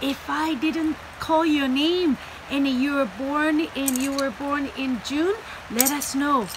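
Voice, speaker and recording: A woman's voice: sits high, steady tone, slow pace. A woman teaching young children in a sing-song, encouraging way, indoors on a rainy day. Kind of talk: sing-along lesson for young kids. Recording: rain noise in background.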